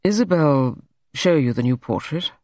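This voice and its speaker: A narrator voicing a quick-tempered young male painter who bursts out in sharp, exasperated speech. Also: a little high, lively intonation, dry recording, clean studio sound, natural voice. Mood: teasing. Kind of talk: audiobook character reading.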